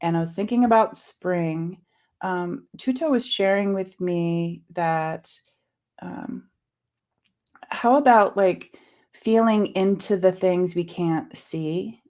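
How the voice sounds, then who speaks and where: Lower-voiced woman rambling gently about seeds and spirit stuff, lots of ums, bit of a cough. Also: takes it slowly. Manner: soft-spoken, musing, many fillers. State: coughing, clearing throat. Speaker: co-host. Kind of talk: reflective spiritual talk.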